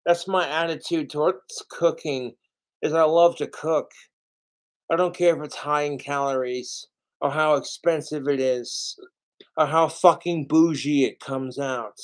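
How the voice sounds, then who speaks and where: A man's voice: on the high side, steady tone, a little slow. A man rambling through a livestream about his cooking videos, swearing often, drinking alcohol and circling back on himself with self-pity. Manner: profane, self-pitying, meandering with restarts.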